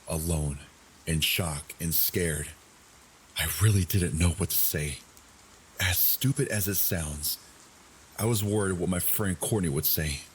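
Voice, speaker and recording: Deep-voiced man narrating a scary story. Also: a little hiss or hum, poor audio. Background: soft rain sounds.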